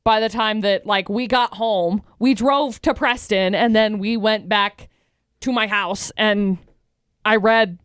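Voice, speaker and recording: A woman co-hosting a casual chat show, talking in an excitable, animated way. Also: mid-range voice, takes it slowly, smooth, no room sound, clean studio sound. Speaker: co-host.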